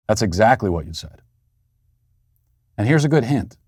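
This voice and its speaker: A man's voice: lowish voice, very animated, moderate pace, a little mellow, breathy edge, dry recording, clean studio sound. Indignant man hosting a commentary show. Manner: sarcastic, indignant, emphatic. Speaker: host. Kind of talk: political commentary monologue.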